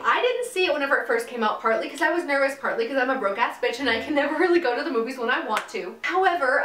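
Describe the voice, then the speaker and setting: Young female vlogger, high-pitched, rambling and giggly, recorded off-mic in a roomy space. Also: a bit bright. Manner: chatty, giggly, many fillers. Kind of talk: casual chat to camera. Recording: echoey room, mic at a distance, music underneath.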